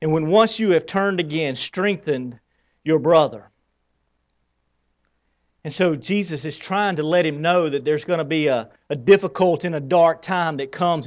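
A male pastor preaching an Easter sermon in a conversational way, asking the congregation questions as he moves about the stage. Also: high voice.

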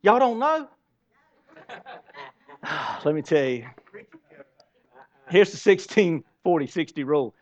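High-voiced pastor preaching, loud then hushed. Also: male voice, sing-song, slow pace, pauses often, dull audio. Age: 40s. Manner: conversational preaching, questions the congregation; swings between loud emphasis and hushed asides. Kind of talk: sermon.

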